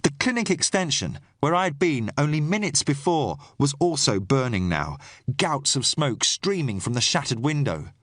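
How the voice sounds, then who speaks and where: A male narrator reads a first-person thriller in a measured, tense way. His voice sits at a middle pitch and is recorded close and dry with no room sound. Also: sing-song, a bit bright, dry recording. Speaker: audiobook narrator.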